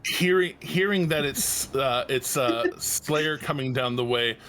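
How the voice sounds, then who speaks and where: A man's voice: medium pitch, a little slow, fairly bright tone, slight background noise. A man running a tabletop game as game master, narrating in a rambling way with swearing and laughing asides. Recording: faint background music.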